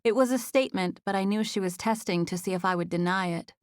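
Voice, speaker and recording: Woman reading a romance audiobook in first person, even voice, dead dry studio sound. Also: medium pitch, quick pace, dry recording. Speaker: audiobook narrator.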